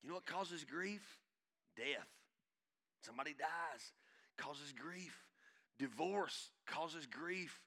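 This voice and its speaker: A male pastor preaching a sermon, swinging from shouting to hushed intensity and calling out to the congregation. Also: a little high, lively intonation, slow pace, long pauses. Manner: calls out to the congregation.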